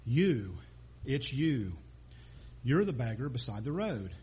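A man's voice: medium pitch, very animated, slow, darkish tone, slight background noise. A preacher reading a stammering poor young man. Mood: astonished. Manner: stammering, astonished.

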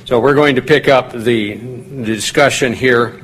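A man's voice: unhurried, hardly any pauses, a bit bright, breathy edge, poor audio. Man teaching a casual Bible study. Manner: conversational, rises in pitch when reading quoted lines. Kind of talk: informal Bible study talk.

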